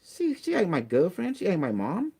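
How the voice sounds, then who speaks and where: A man's voice: high voice, wildly swooping pitch, moderate pace, gravelly, darkish tone, slightly rough. A man with non-native grammar ranting bluntly and profanely as a channel host. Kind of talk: casual rant on a phone call.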